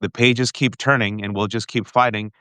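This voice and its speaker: A man earnestly recounting a family ordeal in an interview, halting often and restarting his sentences. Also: on the low side, steady tone, bright, forceful tone, clear, resonant tone, no echo, studio quality. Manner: earnest, halting, with restarts and frequent direct address. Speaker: guest. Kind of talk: emotional personal storytelling in an interview.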